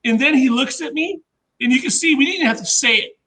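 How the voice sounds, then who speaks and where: A man with a squeaky voice, a guest inventor telling rambling anecdotes in casual chat and acting out what others said. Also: a little fast, pushed and bright, low-quality recording. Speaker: podcast guest, inventor and engineer.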